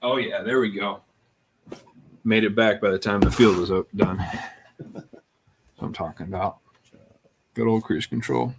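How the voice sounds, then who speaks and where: A man's voice: fairly low pitch, a little slow, pauses often, noisy background. A man casually chatting and telling stories while streaming a farming game. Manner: storytelling, laid-back. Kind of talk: casual gameplay chat.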